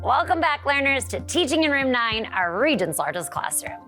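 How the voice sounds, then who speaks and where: A woman teacher leading a children's lesson, singing and cheering in a bright, encouraging, sing-song voice. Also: high voice, very animated, normal speed, faint music behind.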